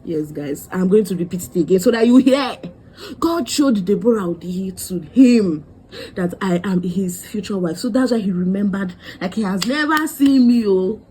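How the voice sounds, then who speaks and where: Young woman, mellow tone, chatty storytelling vlogger; faint noise floor. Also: mid-range voice, normal speed, low-quality recording. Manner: animated, dramatic quoting of others. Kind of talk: storytime vlog.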